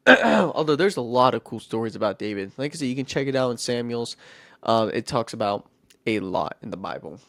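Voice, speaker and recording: A man's voice: medium pitch, no echo, clean studio sound. A man hosting a podcast, retelling a Bible story casually with rambling, goofy asides and self-interruptions. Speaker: podcast host.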